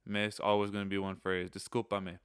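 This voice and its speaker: A man hosting a casual spoken lesson, relaxed, repeating key phrases slowly between chatty asides. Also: on the low side, clean tone, dry recording, clean studio sound. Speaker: channel host teaching phrases.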